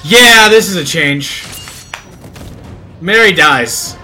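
A man's voice: sits high, lively intonation, takes it slowly, sharp tone. A man co-hosting a podcast, joking and swearing playfully while watching a series. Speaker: podcast co-host. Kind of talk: casual reaction chat. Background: show audio with music.

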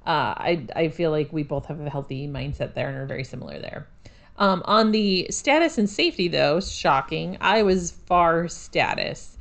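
A woman in her thirties co-hosts a podcast in casual chat. Her voice sits low for a woman. She talks in a chatty, self-deprecating way and drops in sarcastic asides. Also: lively intonation, normal speed. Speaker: podcast co-host.

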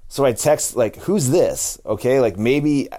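A man's voice: mid-range voice, lively intonation, unhurried, warm tone. A married man co-hosting a podcast, telling a story in laid-back casual chat, with frequent swearing. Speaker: podcast co-host.

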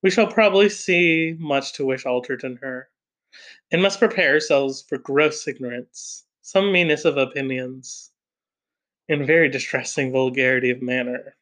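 A man reading the lines of a dignified, stern head of household in a measured, formal way. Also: medium pitch, a bit bright, natural voice. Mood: grave.

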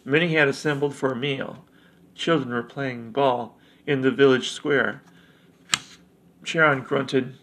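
A man narrating a fantasy story in a measured way, with small slips. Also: mid-range voice, fairly even intonation, a bit bright, a little hiss or hum, poor audio.

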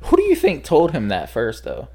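A man's voice: a little high, wildly swooping pitch, normal speed, gravelly, crowd noise. A man chatting casually with friends, joking and swearing freely. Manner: loose, profane, joking banter. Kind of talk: casual chat.

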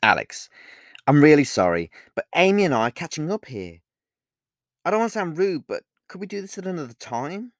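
A man's voice: fairly high pitch, expressive, normal speed, fairly bright tone, dry recording, studio quality, voice pushed up. A man reading an audiobook, voicing a young woman who is tense and guarded and talks in a raised, emphatic, apologetic way. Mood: annoyed.

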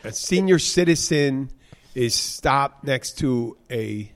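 A man telling loose, meandering stories in a relaxed podcast chat, his pitch sitting right in the middle. He laughs through his own punchlines and circles back to repeat them. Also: takes it slowly. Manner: rambling storyteller, laughs through jokes. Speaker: podcast co-host. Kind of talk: casual chat.

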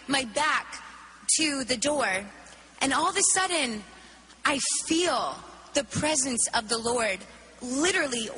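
A woman giving an animated spoken testimony, acting out her own reactions as she tells the story. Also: high voice, husky, long reverb tail. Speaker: worship leader telling a testimony.

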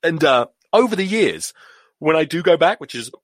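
English man, middle-aged, lively pitch, rambling, swearing, queasy, dead-dry recording. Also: moderate pace, no echo. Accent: English, drifted toward American. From England. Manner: sweary, rambling, self-mocking. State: nauseous, queasy. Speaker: podcast host. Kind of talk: solo podcast rant.

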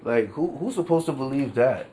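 Animated, laughing man ranting solo. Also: medium pitch, moderate pace, slight background noise. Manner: animated, laughs often, swears freely; New York street slang. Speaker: podcast host. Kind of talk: casual solo commentary.

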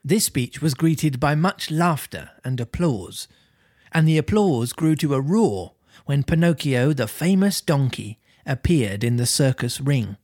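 A podcast host reading a children's classic aloud with expressive, lively delivery. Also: mid-range voice, measured pace, no echo, clean studio sound. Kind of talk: storybook reading with banter.

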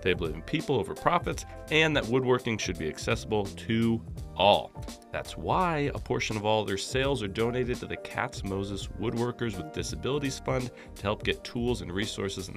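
A man's voice: on the low side, lively intonation, moderate pace, over music. A man co-hosting a podcast, reading an ad in a chatty way and poking fun at himself. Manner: chatty, self-mocking. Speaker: podcast co-host. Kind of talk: casual chat and ad read.

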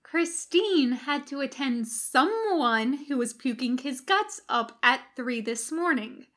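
A woman's voice: high voice, very slow, a bit bright, heavily acted. A woman voicing a grumpy, sleep-deprived female officer who grumbles curtly, in a read-aloud fan fiction. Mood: grumbling. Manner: grumbling and curt. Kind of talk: podfic fan fiction reading.

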